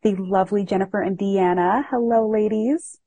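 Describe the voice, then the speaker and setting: A woman hosting a podcast, telling a story in a casual, animated, self-mocking way. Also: mid-range voice, moderate pace, breathy edge, no echo, dull audio. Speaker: podcast host.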